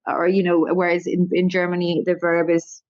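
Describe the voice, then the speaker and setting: A woman's voice: fairly low pitch, monotone, normal speed, darkish tone, no echo, lo-fi sound. A woman with an Irish accent, a stand-up comedian talking in a casual interview, rambling and self-deprecating. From Ireland.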